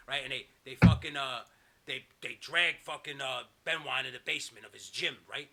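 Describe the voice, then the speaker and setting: A man hosting a podcast, telling a wild story in an animated, profane way, acting out scenes with quick asides. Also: mid-range voice. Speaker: podcast host. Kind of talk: comedic storytelling.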